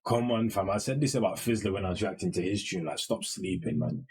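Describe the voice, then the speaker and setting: Deep-voiced and brisk with a breathy edge, a young man reacts to music on his video, loading his casual talk with slang. Again and again he asks the listener "you know what I mean."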